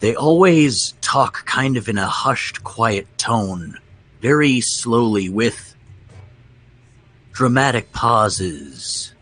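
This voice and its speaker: A man chatting with friends, speaking slowly and deliberately, mocking a show's acting. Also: medium pitch, expressive, a bit bright. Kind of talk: casual chat among friends.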